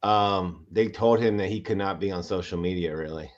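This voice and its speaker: A man's voice: sits low, normal speed. Profane laid-back man telling stories. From Pennsylvania. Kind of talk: casual chat on a livestream. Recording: dull lo-fi audio.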